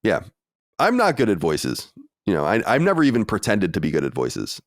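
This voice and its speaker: A man's voice: lowish voice, wildly swooping pitch, brisk, no room sound, studio quality. A man hosting a podcast in loose, rambling, self-deprecating casual chat. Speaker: podcast host.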